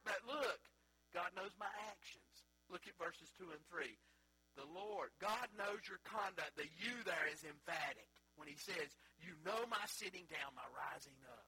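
A high, bright male voice with a husky edge delivers a sermon. He climbs to emphatic peaks, then drops to low, quiet asides, like a pastor preaching in a church sanctuary. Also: poor audio.

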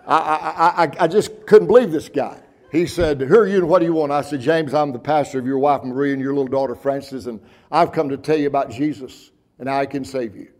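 A man preaching a sermon, telling a story in a folksy, earnest way. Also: a little high. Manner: folksy, earnest, repeats words when excited. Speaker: pastor.

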